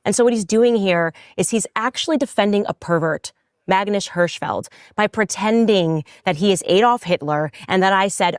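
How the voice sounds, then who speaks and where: A woman's voice: lowish voice, moderate pace, dry recording, clean studio sound. A woman in a played clip, arguing her case indignantly with pointed rhetorical questions. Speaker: commentator defending herself.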